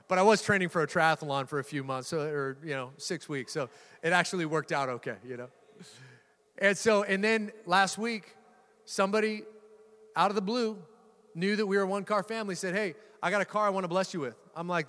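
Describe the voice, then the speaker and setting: A middle-aged pastor preaching to his church, his voice sitting high for a man. He tells stories with playful humor and now and then punches a phrase hard for emphasis. The sound carries a long reverb, as in a large hall. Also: fairly quick. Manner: lively storytelling with laughs and bursts of emphasis. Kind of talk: sermon.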